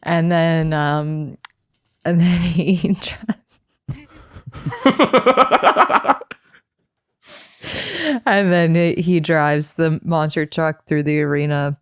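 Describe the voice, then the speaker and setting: A man's voice: a little high, very slow, pauses often, a bit bright, clean tone, no room sound, studio quality. A man on a comedy podcast, telling an improvised story with hesitant fillers and laughing between words. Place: podcast studio.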